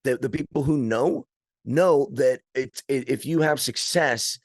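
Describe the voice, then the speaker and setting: A man, an arm wrestler and trainer, chatting casually on a podcast in a rambling, animated storytelling way full of restarts. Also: mid-range voice, measured pace, no echo, clean studio sound.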